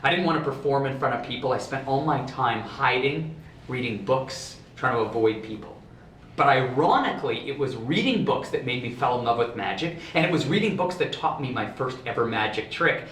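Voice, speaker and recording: A young man performing a magic act for a live audience, playful and showy, rising to excited shouts. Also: mid-range voice, fairly quick, slight background noise. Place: residential building elevator lobby. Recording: echoey room, heard from a distance.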